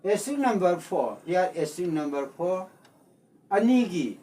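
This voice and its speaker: A man's voice: sits high, very animated, measured pace, mellow. A man, a Meitei speaker, giving a methodical language lesson and repeating each point. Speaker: language teacher and channel host. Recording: voice distant from the mic.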